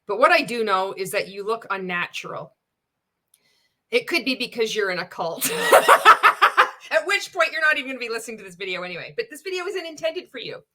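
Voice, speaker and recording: A woman's voice: fairly high pitch, big pitch swings, brisk, bright, forceful tone. A woman giving casual reaction commentary as a vlogger, blunt and sarcastic, swearing often and laughing between remarks.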